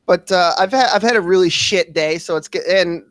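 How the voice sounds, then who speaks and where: A man co-hosting a casual podcast livestream, venting and ranting with constant cursing at a quick, animated clip. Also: high-pitched, no room sound. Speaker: podcast co-host.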